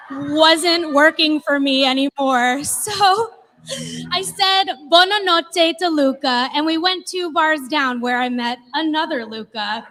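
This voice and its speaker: Woman, thirties, comic storyteller, animated and giggly, chatty, long reverb. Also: sits high. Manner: animated, laughing, chatty with many "like"s. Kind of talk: comedic personal storytelling.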